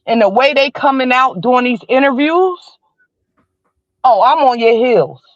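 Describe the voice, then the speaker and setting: A woman's voice: sits high, lively intonation, a little slow, no echo. A woman in her forties, calling in as a livestream guest, giving heated commentary in blunt, emphatic slang. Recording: slightly dull dry stream audio.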